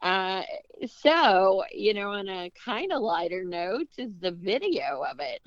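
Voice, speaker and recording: A woman's voice: medium pitch, sing-song, slow pace, dry recording, lo-fi sound. A woman interviewer asking questions in a hesitant, thoughtful way.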